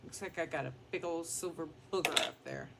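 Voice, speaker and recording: A woman's voice: low voice, brisk, creaky, very noisy. A woman beauty vlogger chatting casually and rambling in a down-to-earth way while she does her makeup at home.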